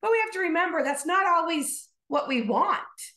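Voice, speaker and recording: A woman pastor with a high, bright voice tells a story and prays at a slow pace. Her pitch moves a lot. The sound has the echo of a room. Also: animated. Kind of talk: storytelling sermon and prayer.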